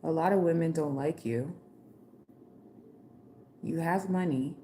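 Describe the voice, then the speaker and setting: A woman with a lowish voice doing a live tarot reading for her viewers. She talks in a loose, slangy, playful way, full of "like" and "okay". A faint hiss of noise sits behind her. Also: slow, mellow. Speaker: tarot reader.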